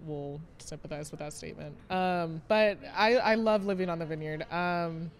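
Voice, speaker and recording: A woman's voice: fairly low pitch, normal speed. A woman in her late twenties, a vineyard manager, talking casually in an interview, chatty and self-deprecating, laughing often between many fillers. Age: 20s.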